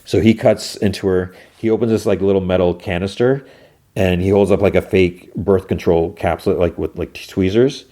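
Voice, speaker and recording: A man's voice: sits low, steady tone, moderate pace, dark tone. A man hosting a podcast, casually recapping a TV episode in a rambling way with lots of filler words. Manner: rambling, many filler words, acts out dialogue. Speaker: podcast host.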